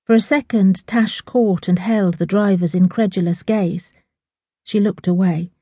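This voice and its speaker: Woman, audiobook narrator, slow, husky, dry close mic. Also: mid-range voice, fairly even intonation, mellow, dry recording. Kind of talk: scripted narration.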